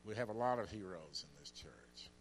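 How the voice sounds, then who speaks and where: A man's voice: low-pitched, animated, slight background noise. A man in his seventies with a Southern US accent, introducing a guest speaker to a church congregation with dry, self-mocking jokes. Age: 70s. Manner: dry, self-mocking humor with earnest pauses. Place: church sanctuary.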